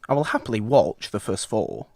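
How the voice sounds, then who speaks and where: A man's voice: on the low side, wildly swooping pitch, a little fast, vocal fry, darkish tone. A man co-hosting a podcast about films, chatting casually in a rambling, wry way with many self-corrections. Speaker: podcast co-host. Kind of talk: casual film chat.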